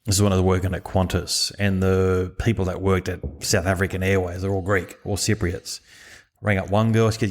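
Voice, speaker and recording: Low-voiced co-host, chatty. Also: male voice, little pitch movement, fairly quick. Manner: chatty, frequent backchannel agreement. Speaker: podcast co-host. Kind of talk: casual podcast chat.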